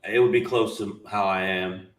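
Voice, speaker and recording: A man's voice: fairly low pitch, steady tone, normal speed. A man, a comedian guest, talking casually in an interview and joking, sometimes slipping into mock voices.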